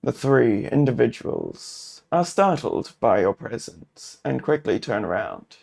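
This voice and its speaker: A man's voice: mid-range voice, sing-song, takes it slowly, gravelly, a little mellow. A man narrating a solo tabletop adventure, musing and thinking aloud with many fillers.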